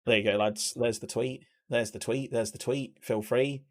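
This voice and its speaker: A man hosting a live watch-along stream, chatting excitably to his viewers. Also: medium pitch, moderate pace. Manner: excitable, talks to chat.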